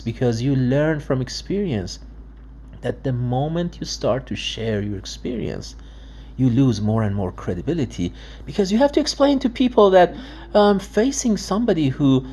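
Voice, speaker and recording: Emphatic man with a lively voice. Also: medium pitch, slight background noise. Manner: emphatic, acts out dialogues, frequent restarts. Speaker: father and video blogger. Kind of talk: emotional monologue commentary.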